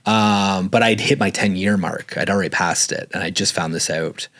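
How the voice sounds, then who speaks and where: A man's voice: deep voice, moderate pace. A man telling stories casually in an interview, rambling and full of "like" fillers. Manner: rambling, filler-heavy, says "like" often; animated when retelling dialogue. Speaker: guest.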